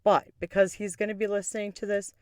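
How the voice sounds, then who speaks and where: A woman's voice: medium pitch, level tone, fast talker, no echo, studio quality. A woman hosting a podcast, telling a personal story in a candid, sarcastic way, often breaking into laughter. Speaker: podcast host. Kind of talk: casual storytelling.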